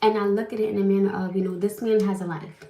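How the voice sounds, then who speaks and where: A woman's voice: medium pitch, fast talker, roomy sound. A young woman, telling a story casually to her livestream viewers and venting. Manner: animated, venting, talks straight to viewers. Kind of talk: casual live-stream storytelling.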